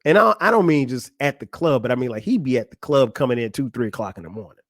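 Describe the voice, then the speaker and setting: A podcast host in his forties gives a casual advice monologue about marriage, speaking frankly and directly to a friend and laughing often. His medium-pitched voice is expressive and quick, recorded in studio quality with no echo.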